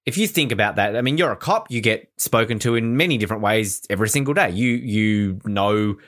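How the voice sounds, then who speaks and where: A man co-hosting a podcast in casual chat, expressive and playful, swooping his voice up for jokes. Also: on the low side, fairly quick. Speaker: podcast co-host.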